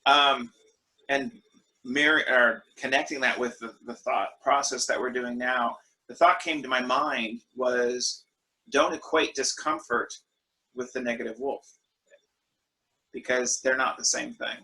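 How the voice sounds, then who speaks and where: A man leading an online worship discussion over a video call, telling stories in a relaxed way with fillers. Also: mid-range voice, unhurried, poor audio. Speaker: group discussion leader.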